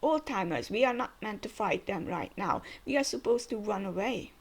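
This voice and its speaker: A woman's voice: mid-range voice, lively intonation, moderate pace. A woman voicing hearty old male giants as she reads a comic aloud, keeping close to her own voice.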